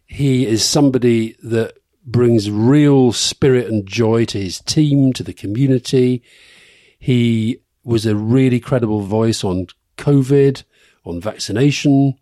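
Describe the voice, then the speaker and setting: A man's voice: medium pitch, takes it slowly, mellow, dry recording, studio quality. A middle-aged man co-hosting a live podcast, rambling through anecdotes and chuckling at his own stories. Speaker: podcast co-host.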